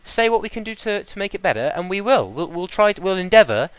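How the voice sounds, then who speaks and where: A young man co-hosts a rambling podcast with friends, his fairly high voice leaping around in pitch. He talks in excitable bursts, jumping from near-whispers to loud outbursts. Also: fast, clear, resonant tone, poor audio. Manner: excitable, jumps from quiet to loud. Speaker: podcast co-host. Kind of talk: casual chat.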